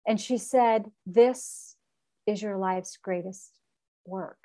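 A woman's voice: mid-range voice, slow, mellow. A middle-aged woman, a podcast guest telling an emotional personal story and acting out what others said. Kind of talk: conversational storytelling.

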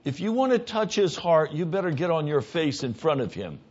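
Male pastor, sermon delivery, emphatic, hushed to loud; muffled low-fidelity recording. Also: sing-song, moderate pace, breathy edge.

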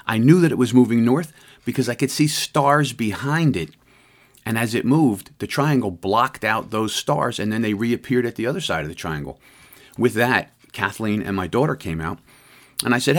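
A middle-aged man with a voice of average pitch tells a story he lived through. He talks in halting bursts, repeating words, and lifts his voice when he quotes what he and others said. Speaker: eyewitness. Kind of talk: personal storytelling.

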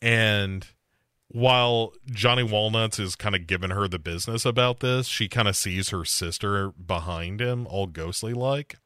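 A man's voice: on the low side, a little slow, sharp tone, clean tone, dry recording, studio quality. A man hosting a casual podcast and recapping a TV series, loose and profane, with lots of fillers. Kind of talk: casual chat.

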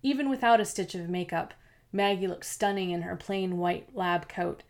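A woman narrates a novel in a steady, measured way, her voice sitting on the lower side. The reading is scripted audiobook narration, even and unhurried.

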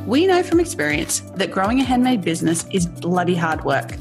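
A woman's voice: lowish voice, sing-song, brisk, over music. A woman co-host reading a scripted podcast intro in a blunt, upbeat way.

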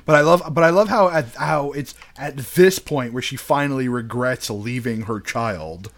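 A man's voice: medium pitch, normal speed. A man hosting a casual movie podcast, laughing often and restarting his sentences. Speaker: podcast host. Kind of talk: casual chat about a movie.

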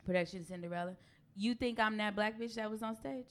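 A young woman, a comedy writer and talk show guest, chatting loudly and profanely on a live stage. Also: medium pitch, a little fast. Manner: loud, brash, profane, laughing. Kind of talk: casual comedic chat, profane.

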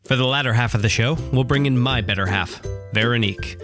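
A man's voice: brisk, over loud music. A man hosting a comedy podcast, ranting in an exasperated, incredulous way. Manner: exasperated, incredulous rant rising in pitch. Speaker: podcast host. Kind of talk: comedic rant.

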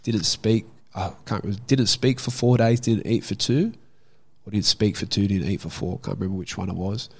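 A man's voice: lowish voice, fairly quick, darkish tone, husky. A young Australian man telling a story from his own life in a casual, candid way, swearing freely. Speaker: guest.

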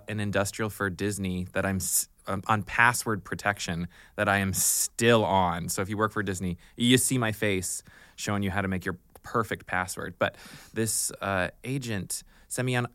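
A man, an actor, telling an anecdote on a podcast, animated, often chuckling, and acting out the voices in his story. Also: lowish voice, clear, resonant tone, dry recording, studio quality. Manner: chuckles often while he talks. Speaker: actor guest.

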